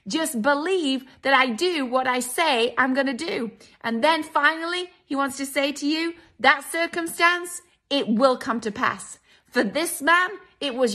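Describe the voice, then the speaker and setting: Woman preacher, high, bright voice, emphatic sermon delivery with acted-out quotes. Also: measured pace. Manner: emphatic, dramatic quoted voices, direct address to listeners.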